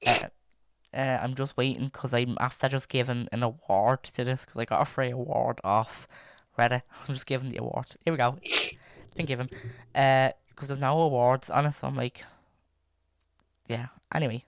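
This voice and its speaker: Rambling young man, smooth voice. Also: medium pitch, steady tone, moderate pace, dry recording, clean studio sound. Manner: rambling, many fillers and restarts. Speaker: podcast host reading stories. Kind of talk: casual chat and reading posts aloud.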